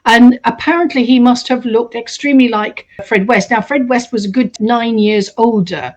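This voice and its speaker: Animated woman telling a true story. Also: on the high side, normal speed, lo-fi sound. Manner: animated, acts out quoted voices. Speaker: storyteller host. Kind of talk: casual storytelling.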